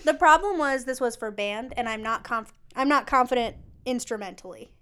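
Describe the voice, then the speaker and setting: A woman with a smooth, clear, fairly high voice talks in a relaxed, casual way. She is chatty and self-deprecating, and she laughs easily as she describes her time as a choir singer. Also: moderate pace. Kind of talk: casual chat.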